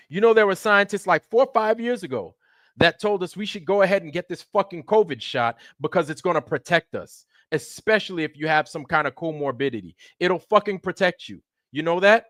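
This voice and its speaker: A man's voice: high-pitched, a bit bright, no echo, studio quality. Profane ranting livestream host, man. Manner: profane, sarcastic, greets chat viewers by name.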